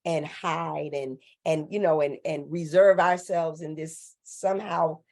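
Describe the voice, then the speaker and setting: A woman's voice: sits low, steady tone, unhurried, a little mellow. Affirming Southern woman host. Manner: affirming, reflective, calls herself country. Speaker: host and preacher. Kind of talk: casual conversation.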